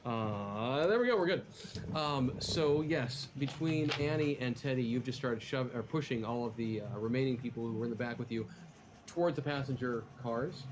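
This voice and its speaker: Male game master, relaxed and halting, faint hiss behind. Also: mid-range voice. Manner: relaxed, hesitant, many ums. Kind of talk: running a tabletop game.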